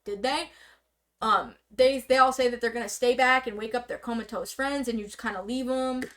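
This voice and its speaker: A woman guest on a stream rambles through a recap while presenting slides, explaining things casually to the streamer. Her speech is full of fillers and broken by bursts of rapid talk. Her voice is on the high side, steady and fairly bright, in an indoor streaming setup.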